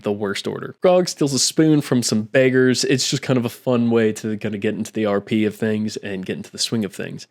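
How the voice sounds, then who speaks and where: Chatty man recapping his tabletop game. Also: medium pitch. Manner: chatty, acts out quotes with frequent "I'm like". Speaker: game master. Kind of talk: casual retelling of a tabletop game session. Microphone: own microphone at a desk.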